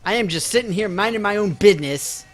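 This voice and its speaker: A man's voice: sits high, expressive, fast, soft background music. A man live-streaming a video game, chatting casually and mocking himself to his viewers while he plays.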